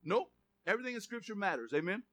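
High lively guy preaching a sermon, cracks jokes, reads verses out loud. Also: quick pace. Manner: animated, joking, reads scripture aloud. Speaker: pastor.

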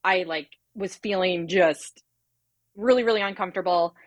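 A woman in her thirties, a pharmacist and podcast guest, telling her personal birth story in an earnest, animated way. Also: fairly low pitch, normal speed, dry recording.

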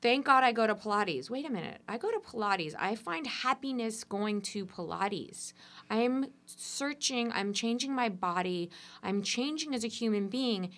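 A woman guest in an interview, telling personal stories in an animated, expressive way. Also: a little high, measured pace. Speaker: entrepreneur guest.

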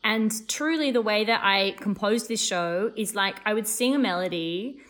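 A woman's voice: medium pitch, a bit bright. Chatty woman, filler-heavy talk. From Australia. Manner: chatty, many fillers, quick restarts. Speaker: playwright and composer guest. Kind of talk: casual interview chat.

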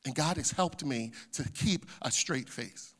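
A middle-aged male pastor preaching a sermon, dropping to hushed asides and rising to loud shouts. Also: mid-range voice, measured pace, slightly rough. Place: church sanctuary. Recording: long church hall reverb.

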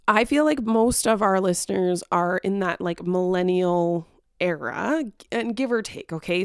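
A woman in her thirties hosts a podcast in a chatty, animated way, restarting sentences and poking fun at herself. Her voice sits at a middle pitch. The recording is dry and close. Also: vocal fry, no room sound. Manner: chatty, animated, self-deprecating, many restarts. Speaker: podcast host. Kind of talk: casual spiritual chat.

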